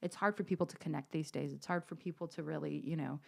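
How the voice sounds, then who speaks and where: A woman's voice: low-pitched, fairly even intonation, fast talker, gravelly, a little mellow. A woman singer chatting as an interview guest, blunt and profane with a sarcastic streak. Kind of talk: casual interview chat.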